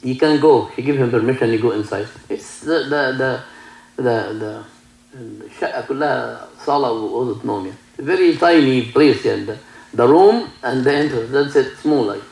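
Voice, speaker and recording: A man with an Egyptian Arabic accent, a native Arabic speaker, preaching a sermon and telling stories in halting English full of restarts. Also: mid-range voice, creaky, darkish tone, roomy sound, low-quality recording. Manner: broken English, many restarts, mixes in Arabic. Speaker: sheikh giving a talk. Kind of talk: sermon with storytelling.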